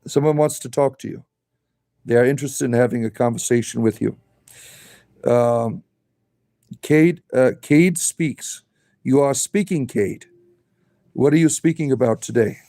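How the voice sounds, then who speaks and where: A man's voice: medium pitch, measured pace, pauses often, mellow. A man live streaming in a casual chat, cooing at his pets in a playful, rising baby-talk voice.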